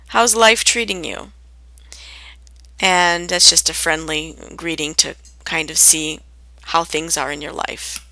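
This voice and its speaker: A woman gives a lesson on everyday English greetings, her tone bright and a little sharp. She speaks clearly and deliberately, lifting her voice to act out each example phrase. The recording is dry and close. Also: on the low side, no room sound. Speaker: English teacher. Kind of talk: scripted lesson on spoken greetings.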